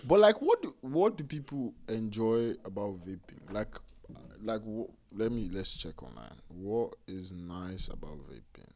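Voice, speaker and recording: A man casually reacting to video clips, rambling and halting as he corrects himself and fills gaps with "like". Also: on the low side, sing-song, noisy background.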